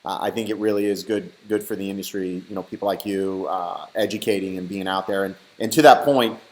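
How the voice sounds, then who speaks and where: A man with a New York accent hosts a laid-back interview on a video call. His voice sits low, and his blunt, casual way of talking drifts into the odd light curse word. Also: fairly even intonation, fairly quick, low-quality recording. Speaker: host.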